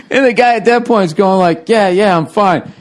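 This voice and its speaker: A man hosting a podcast, telling a story in casual chat, swearing a lot and laughing through it. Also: sits high. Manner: profane, laughs through his own story. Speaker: podcast host.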